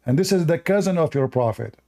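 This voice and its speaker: A man hosts a live debate stream, teasing callers in a mocking, animated way. His voice is gravelly and dark, and it sits a little high for a man. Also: a little fast. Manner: mocking, animated, non-native English phrasing.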